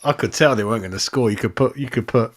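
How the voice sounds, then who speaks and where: Blunt football fan host. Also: male voice, medium pitch, fast. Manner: blunt, laughing, swears, calls everyone mate. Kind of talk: casual live-stream match review. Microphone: desk microphone.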